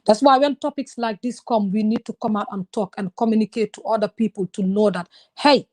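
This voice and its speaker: A woman's voice: medium pitch, steady tone, brisk, a little mellow. A woman from Gambia, talking openly and earnestly in a casual conversation about her own experiences. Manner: earnest, open, confiding. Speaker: guest sharing personal experience.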